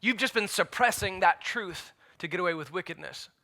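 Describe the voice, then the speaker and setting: Pastor guy giving a sermon, really bright tense voice, punchy then drops way quiet. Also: sits high, animated, brisk, vocal fry. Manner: emphatic, swinging between loud and hushed.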